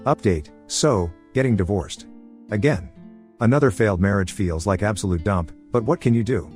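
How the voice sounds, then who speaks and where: A man reading an online story aloud in a casual first-person way, over soft guitar music. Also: fairly low pitch, lively intonation, moderate pace. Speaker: story narrator. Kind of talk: reading a reddit post aloud.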